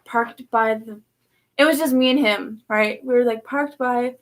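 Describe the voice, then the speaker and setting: A woman's voice: fairly high pitch, a little slow. A woman vlogger telling a personal story in a rambling way, full of fillers and restarts. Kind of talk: casual storytelling vlog.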